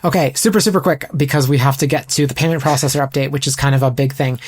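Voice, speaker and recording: Brief: fast-paced man from Canada, podcast host, breezy news-reading with asides. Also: medium pitch, steady tone, husky. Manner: brisk, reads quotes aloud with asides. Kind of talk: casual podcast chat.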